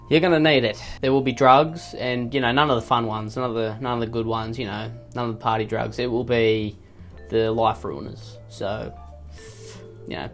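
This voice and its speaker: A man's voice: medium pitch, gravelly, fairly bright tone. A man doing sarcastic, rambling comedy commentary as he reads out online posts. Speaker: YouTube commentator.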